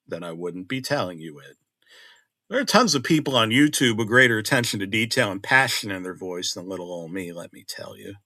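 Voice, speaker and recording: Middle-aged man, horror storyteller, animated pitch, dry close sound. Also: dry recording. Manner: conversational, dramatic swings between loud and hushed. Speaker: narrator.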